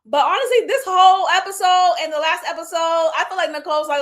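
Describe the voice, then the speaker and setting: A woman in her thirties giving candid, animated commentary on a reality show and laughing often. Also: very high-pitched, fast, few pauses. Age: 30s. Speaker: reality TV reviewer. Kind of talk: casual commentary.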